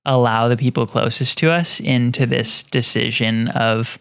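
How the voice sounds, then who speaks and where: A young adult man co-hosting a podcast, soft-spoken and gentle in casual chat. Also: mid-range voice, fairly even intonation, a little slow, creaky, clear, resonant tone, dry recording, studio quality. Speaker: podcast co-host.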